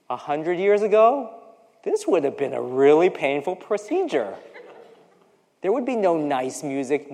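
With a dark-toned, mid-range voice, an American preacher in their forties delivers a conversational sermon. They pepper it with personal asides and act out the voices of those they quote. Long reverb fills the hall.

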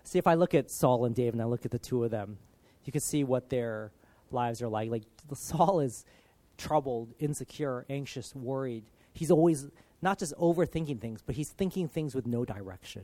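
A man giving an informal, conversational sermon, earnest and full of casual filler, swinging from loud emphasis down to soft, hushed lines. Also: mid-range voice, normal speed, dry recording. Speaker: preacher.

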